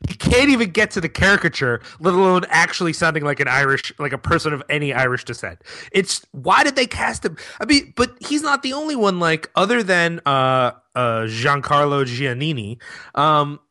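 A man with a bright, fairly high voice talks casually as a podcast guest. He rambles through his points with lots of "like" and the odd curse word. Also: animated, moderate pace. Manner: loose and profane, with frequent fillers. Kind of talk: casual film-review chat.

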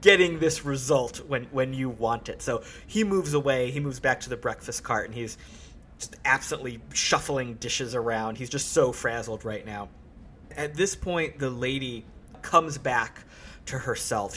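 A man's voice: medium pitch, fairly bright tone, a little hiss or hum. Man running a tabletop game. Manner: encouraging, quick rulings. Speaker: game master.

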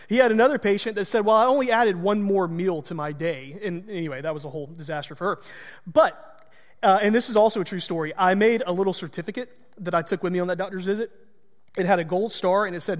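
A man's voice: high-pitched, in a large hall. A man preaching as a pastor, telling a personal story in a conversational, self-deprecating way. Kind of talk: storytelling sermon.

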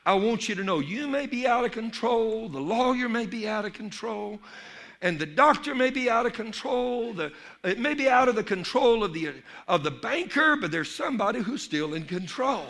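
Male preacher, high and bright, fervent sermon delivery with shouted peaks. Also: expressive, moderate pace. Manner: builds to shouted emphasis, then drops low; storytelling in a Cajun dialect for the joke characters. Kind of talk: sermon with a folksy joke.

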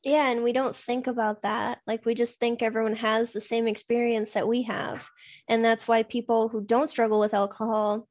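A woman with a somewhat high voice, talking things through in a relaxed, explanatory way. She fills her sentences with "like" in an easygoing podcast chat. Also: moderate pace. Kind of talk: casual podcast conversation.

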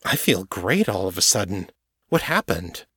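A man's voice: sits low, sing-song, normal speed, bright, forceful tone, slightly rough, no echo, clean studio sound, full character voice. A man voicing a frightened, bewildered young man who asks shaky, anxious questions in a raised voice. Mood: dazed. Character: frightened, bewildered young man just brought back from death.

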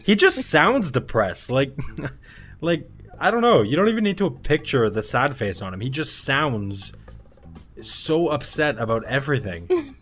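A man's voice: medium pitch, a little slow. Guy hosting a podcast, bouncy voice going all over, laughs a lot, bit of music under it. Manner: lively, laughs often, jokey. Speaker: podcast host. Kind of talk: casual chat.

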